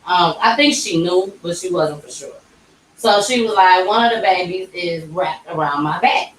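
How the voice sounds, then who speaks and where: A woman's voice: lowish voice, normal speed. A young woman tells a personal story on her podcast, acting out every quoted line. She sounds set back from the microphone. The room adds an echo and a faint hum of ambience. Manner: emotional, animated retelling with quoted voices. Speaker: podcast host. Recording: roomy echo, distant mic.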